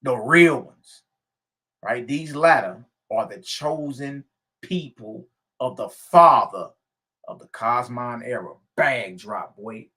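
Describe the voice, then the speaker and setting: A man's voice: mid-range voice, animated, slow pace, pushed and bright. A man reading a spiritual text aloud and preaching on it emphatically, repeating phrases and adding slangy asides. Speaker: spiritual teacher.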